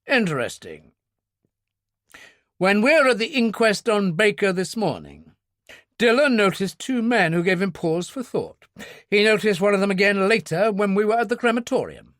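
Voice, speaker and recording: A man voicing a calm, commanding older British brigadier with a clipped delivery. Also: high-pitched, normal speed, no echo, clean studio sound, voice pushed up. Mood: brisk. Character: brisk older British male brigadier, unflappable.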